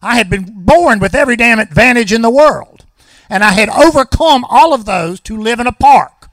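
Guy telling his recovery story, high lively voice, dry close sound. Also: moderate pace, dry recording. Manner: folksy storytelling with wry humor. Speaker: recovery meeting speaker.

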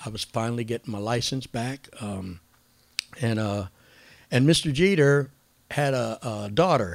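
A man tells his recovery story in a loose, rambling way, dropping slang and filler words as he goes. His voice sits at a middle pitch, and it is recorded close and dry with no room sound. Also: no echo. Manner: casual, rambling, uses slang like "cat" and "man"; acts out quoted voices with raised pitch.

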